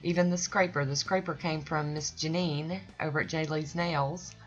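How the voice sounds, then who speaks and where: A woman with a deep voice speaks in a steady tone at normal speed. She hosts her own nail art channel, and her chatty, folksy tutorial voice-over rambles and sometimes loses its thread. The recording is dull and lo-fi, with faint music.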